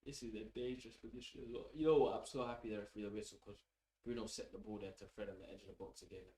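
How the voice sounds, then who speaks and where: Excitable male football fan in a roomy echo. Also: on the low side, racing. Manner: excitable, opinionated, swears casually. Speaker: fan channel host. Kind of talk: live match reaction commentary.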